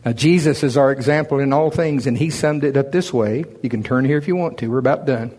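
A man's voice: mid-range voice, brisk, darkish tone. Man preaching a Sunday sermon. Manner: preaching with rising intensity, quoting scripture in old English. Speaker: pastor.

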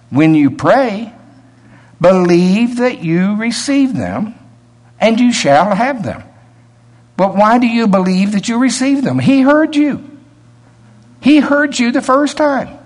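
A man's voice: a little high, breathy edge. A man preaching a sermon in a conversational way, rising to emphatic peaks and chuckling between points.

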